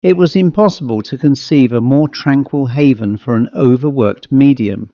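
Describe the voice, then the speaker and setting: A man narrating a ghost story in a measured storytelling manner. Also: mid-range voice, no echo. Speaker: audiobook narrator. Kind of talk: scripted narration. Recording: dull lo-fi dry recording.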